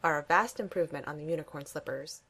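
A woman doing a quiet polite young man. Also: low voice, fast talker, breathy edge. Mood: earnest. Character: earnest young man on a nervous date. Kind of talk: fan fiction reading.

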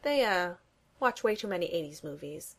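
A woman's voice: fairly low pitch, lively intonation, moderate pace. A woman voicing a breezy, teasing young woman. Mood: playful. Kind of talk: fan fiction reading.

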